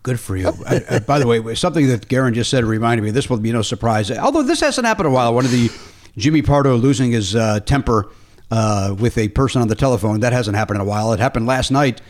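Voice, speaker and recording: Lively, animated male podcast host. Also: medium pitch, fast. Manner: animated storytelling, acts out both sides of a phone call. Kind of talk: casual comedic chat.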